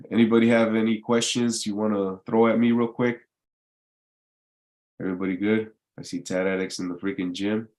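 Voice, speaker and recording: A man hosting his own live online show, talking casually, rambling and repeating himself, and swearing now and then. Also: on the low side. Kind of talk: casual live-stream monologue.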